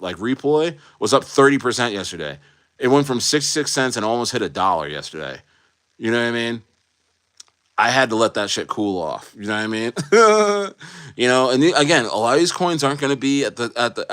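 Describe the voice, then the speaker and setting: A man ranting casually on a livestream, animated and slangy, repeating himself and often asking if you know what he means. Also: mid-range voice. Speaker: streamer.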